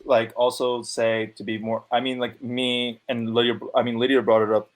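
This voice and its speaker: A man's voice: medium pitch, little pitch movement, moderate pace. A man speaking as a podcast guest in loose casual talk, full of fillers and swearing. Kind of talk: casual chat.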